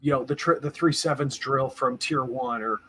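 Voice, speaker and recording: A man's voice: medium pitch, normal speed, sharp tone, slight background noise. A man co-hosting a podcast as a firearms instructor, explaining ideas at length in casual chat with some profane joking.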